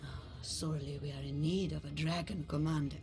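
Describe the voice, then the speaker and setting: An actress playing a cool, reasoned dragon noblewoman in a video game, speaking in a measured, lofty way. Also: low voice, steady tone, creaky, music in the background.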